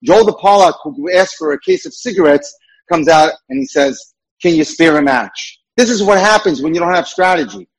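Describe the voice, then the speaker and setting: A man's voice: high-pitched, very animated, a little fast, husky, poor audio. A man who works as a dating mentor, giving an emphatic lecture with repeated points.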